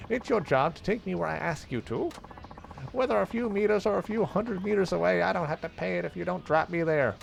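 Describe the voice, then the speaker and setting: A man voicing an entitled, demanding female taxi passenger in a creaky falsetto while reading a video game aloud. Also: a little hiss or hum. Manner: haughty, shrill complaints swinging up and down.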